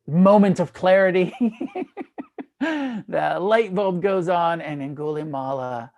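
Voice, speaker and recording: Male meditation teacher retelling a story casually, irreverent, laughs often, swears freely. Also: a little high. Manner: casual and irreverent, with profanity and fillers; animated retelling with frequent laughs. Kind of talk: dharma talk storytelling.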